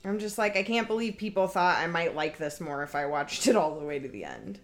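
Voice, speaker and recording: A woman's voice: fairly low pitch, very animated, a little fast, faint music behind. A woman giving casual, blunt and sarcastic commentary while watching a movie. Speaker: podcast guest.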